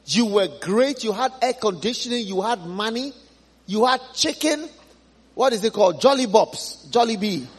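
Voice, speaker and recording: A man preacher voicing Abraham as an old patriarch calmly lecturing a rich man. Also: high voice, moderate pace, husky, pitched below the performer's own voice. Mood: stern.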